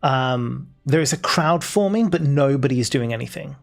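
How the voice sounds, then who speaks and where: A man narrating as dungeon master in a casual tabletop game, laughing often and pausing with fillers. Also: mid-range voice, expressive, vocal fry. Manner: laid-back, laughing, lots of fillers. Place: home, live stream.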